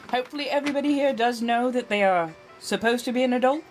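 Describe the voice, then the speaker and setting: A woman's voice: fairly high pitch, moderate pace, long pauses, music in the background. A woman hosting a casual livestream chat in an affected old-fashioned American accent, languid and theatrical, calling her viewers darling. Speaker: livestream host.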